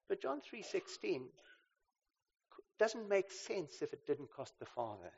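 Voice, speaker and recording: A man preaching a sermon. He swings between loud emphasis and quiet asides and keeps checking in with "right?". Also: high voice, sing-song, slow, creaky, pauses often, husky. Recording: slightly dull lo-fi recording.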